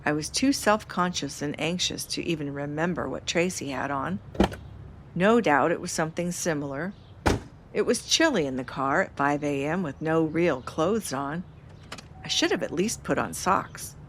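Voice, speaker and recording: A woman's voice: sits low, animated, normal speed, background noise. A woman, the podcast host, reading her memoir aloud in the first person, with wry self-mocking humor.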